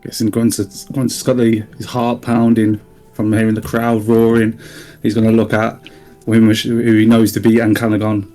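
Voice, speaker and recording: A man at a tabletop game, casually talking through his character's next move. His voice sounds dark and mellow, with little rise and fall. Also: fairly low pitch, monotone, moderate pace, soft background music. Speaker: player.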